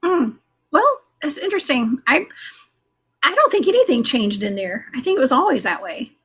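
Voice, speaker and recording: A woman's voice: high-pitched, big pitch swings, normal speed, fairly bright tone, husky. A woman guest telling a rambling paranormal story in a casual interview, full of fillers and restarts. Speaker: guest, cryptid investigator.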